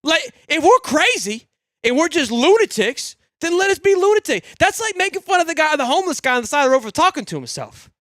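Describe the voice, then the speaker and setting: A young man hosting a live fan sports show, excitable and rambling, swearing freely and swinging from loud hype to low grumbling. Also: fast, dry recording, studio quality. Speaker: sports podcast host.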